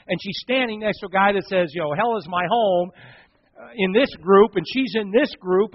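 A man, a pastor, preaching a sermon and telling a story, acting out the voices of the people in it, swinging from hushed to loud. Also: high-pitched, dry recording, lo-fi sound.

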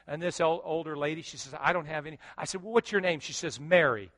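A middle-aged man preaches as a pastor, spinning a story with jokes and acted-out quotes. His voice sits high for a man and has a bright, forceful edge. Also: quick pace, hardly any pauses. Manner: animated, joking, acts out quotes. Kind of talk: sermon storytelling.

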